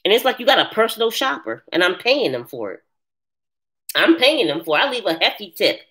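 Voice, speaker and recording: A woman hosting a casual live chat, answering viewers' comments in an animated way and laughing often. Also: mid-range voice, brisk. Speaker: live stream host.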